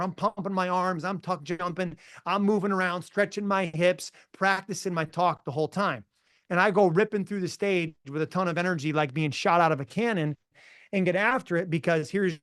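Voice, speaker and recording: A middle-aged man with a slightly raised pitch speaks in an energetic, emphatic way as a motivational coach. He tells stories in a punchy, relaxed interview style. The podcast mic gives a close, dry sound. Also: no room sound. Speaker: mental performance coach, podcast guest. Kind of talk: casual interview storytelling.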